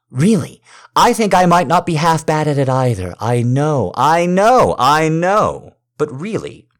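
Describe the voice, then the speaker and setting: Earnest man pleading softly then loudly. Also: lowish voice. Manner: earnest, pleading, swinging from hushed to loud. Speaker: partner persuading someone to have a baby. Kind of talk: intimate role-play monologue.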